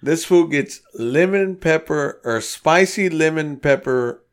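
A man's voice: on the high side, slow, clean tone. Guy on a podcast telling a wild story, cussing a lot, doing everyone's lines. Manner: profane, animated storyteller acting out quotes. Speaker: podcast co-host. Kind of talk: casual storytelling chat.

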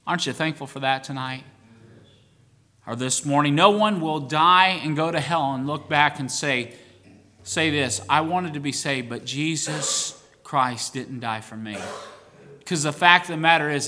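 A man preaching a sermon as pastor, swinging between quiet asides and rising bursts of emphasis. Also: on the high side, unhurried, long reverb tail.

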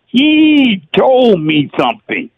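A man's voice: extremely high pitch, huge pitch swings, slow pace, dry recording, narrow, tinny audio. A man who played football, calling in to a radio show, tearful and exclamatory as he tells his story. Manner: emotional, tearful, exclamatory with "geez". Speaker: former football player, guest. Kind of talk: emotional radio interview storytelling.

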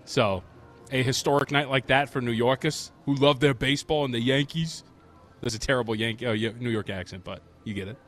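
A man's voice: mid-range voice, fairly quick, a bit bright. A man co-hosting a sports talk show who argues his points in emphatic, opinionated rants. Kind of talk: casual sports radio chat.

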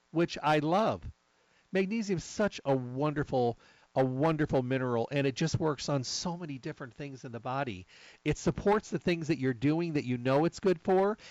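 A middle-aged man hosting a supplement talk, telling stories in a chatty, lively way. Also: on the high side, no room sound, dull audio. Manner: chatty storyteller, lively asides. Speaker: health supplement talk host. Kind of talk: casual monologue.

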